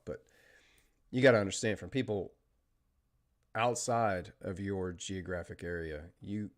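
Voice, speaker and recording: An American man hosting a live trading stream, chatting casually and talking through market moves, with fillers and trailing pauses. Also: sits low, gravelly. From United States. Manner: steady technical market commentary. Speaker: trading livestream host.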